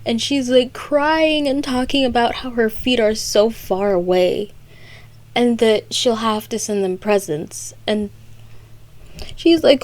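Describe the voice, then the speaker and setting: A woman's voice: on the high side, slow, a little mellow. A young woman recapping a story for comedy, with sarcastic, rambling asides. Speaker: video creator.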